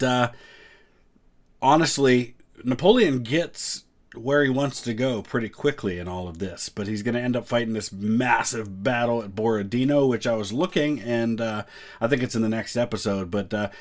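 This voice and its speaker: Stuffy-voiced man hosting a reaction. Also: mid-range voice. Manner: relaxed, filler-heavy chat. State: stuffy from a cold. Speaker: history reaction host. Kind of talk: casual reaction commentary.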